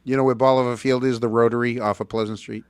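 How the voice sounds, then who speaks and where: A middle-aged man hosting a casual chat, telling stories in an animated way and repeating words when he gets going. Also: medium pitch, fast talker, smooth, dry recording. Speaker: host.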